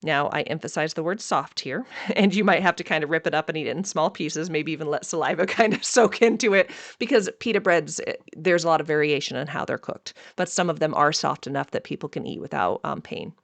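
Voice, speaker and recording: Upbeat, chatty dietitian explaining things casually, medium pitch, dry booth sound. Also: creaky, fairly bright tone, dry recording. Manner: chatty and upbeat, quick asides while listing foods. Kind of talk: casual educational talk.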